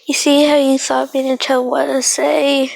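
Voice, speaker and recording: A brisk older woman who leads a ninja village explains things plainly, as a woman puts her on. The voice is high and flat with a gravelly touch, told as an offhand storybook scene. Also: full character voice. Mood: matter-of-fact. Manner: matter-of-fact.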